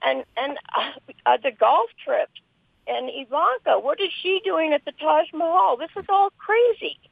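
A woman's voice: high voice, lively intonation, a little slow, creaky, no echo. An older woman calling in to a radio talk show, emotional and pleading as she speaks. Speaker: caller. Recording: phone line, lo-fi.

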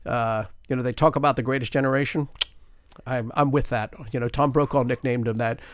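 A man's voice: medium pitch, steady tone, a little fast, dry recording, clean studio sound. A man in his sixties, a retired news correspondent, telling rambling stories with many fillers as a radio interview guest.

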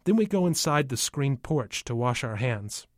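A man's voice: medium pitch, big pitch swings, normal speed, no echo, studio quality. Man reading a first-person story. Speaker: audiobook narrator.

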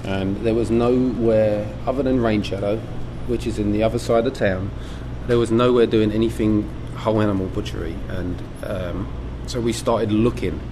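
A middle-aged man from England, a butcher shop owner talking in a documentary interview, relaxed and reflective with many ums and restarts. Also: on the low side, moderate pace, few pauses. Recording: air conditioning hum behind.

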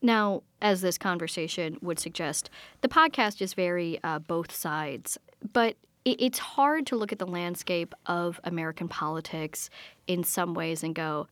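A woman interviewer with a fairly low voice asks measured, pointed questions. Her sound is dry and close, like a studio recording. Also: animated, no echo. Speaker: radio interviewer.

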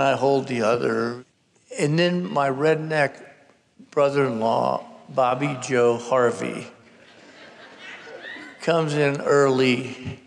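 A man's voice: mid-range voice, gravelly. A man in his sixties, a novelist, telling a wry, comic family story at a live public conversation. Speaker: novelist guest. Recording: reverberant hall at a live event.

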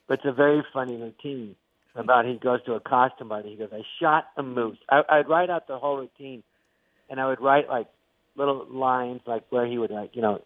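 An older man, a comedian being interviewed, telling stories in an animated way and acting out the voices he quotes. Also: mid-range voice, no room sound. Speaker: guest comedian. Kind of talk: interview storytelling. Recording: tinny phone-like line, dry.

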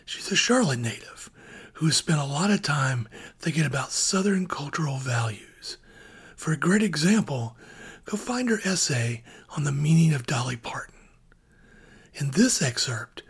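A radio host reads a scripted introduction and then asks questions. The voice is strongly breathy and husky. The delivery is measured and thoughtful. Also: medium pitch.

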